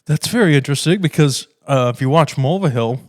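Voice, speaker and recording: Dude hosting a podcast, laughs a lot, swears, tells stories all loose and lively. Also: male voice, fairly high pitch, a little fast, no room sound, studio quality. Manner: laughing, animated storyteller who swears. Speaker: podcast host. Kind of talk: casual chat.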